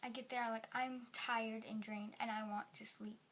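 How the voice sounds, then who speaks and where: A woman talking in a personal vlog at home, rambling softly and sometimes dropping into a whisper. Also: fairly high pitch, little pitch movement, normal speed, a little hiss or hum. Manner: soft-spoken, rambling, drops into whispers. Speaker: vlogger.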